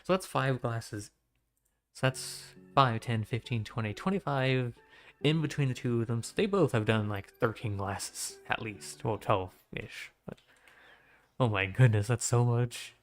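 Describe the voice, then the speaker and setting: A man streaming a video game, chatting casually and reacting playfully out loud to what happens on screen. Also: mid-range voice, a little slow. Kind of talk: casual gameplay commentary. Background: game music.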